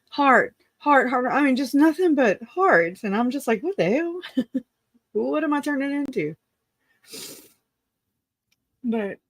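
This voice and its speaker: Slow, halting woman telling a raw story. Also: mid-range voice, no room sound, clean studio sound. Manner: halting, full of restarts and self-corrections; earnest and raw, swears casually. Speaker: grieving relative. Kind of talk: emotional personal account.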